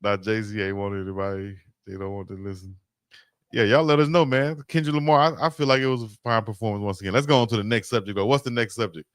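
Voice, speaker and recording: A man hosting a live stream, chatting casually about sports with lively, playful arguing. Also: lowish voice, fast talker, no room sound, studio quality.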